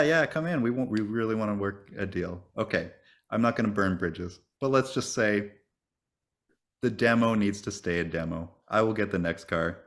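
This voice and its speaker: Male co-host, very low voice, animated joking storyteller on a remote call. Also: gravelly. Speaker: podcast co-host. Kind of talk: casual chat.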